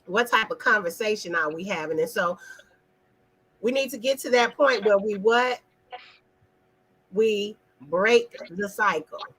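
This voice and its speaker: Husky, bright-voiced woman hosting a live talk. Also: mid-range voice, measured pace, long pauses, poor audio. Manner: emphatic, preachy, asks the audience questions; talks directly to viewers in the chat. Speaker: host of an online live talk. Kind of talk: casual conversational talk.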